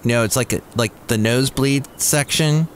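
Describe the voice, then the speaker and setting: A man's voice: medium pitch, normal speed, slight background noise. A man hosting a comic podcast in a goofy, jokey way, reading jokes aloud and slipping into silly voices. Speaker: podcast host. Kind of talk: comic solo podcast chat.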